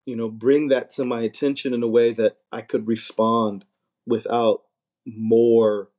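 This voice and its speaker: A man's voice: medium pitch, level tone, unhurried, a little mellow. A man in casual conversation, talking earnestly and often repeating words as he starts a thought. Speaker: podcast guest, married minister. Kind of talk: casual chat.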